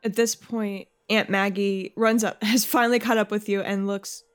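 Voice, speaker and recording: A woman narrating as game master in a lively, chatty way. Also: medium pitch, normal speed, clean tone.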